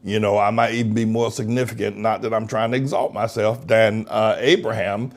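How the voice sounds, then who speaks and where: A man's voice: fairly low pitch, flat delivery, a little fast. A male pastor preaching a broadcast sermon, emphatic, stretching out key words and repeating himself.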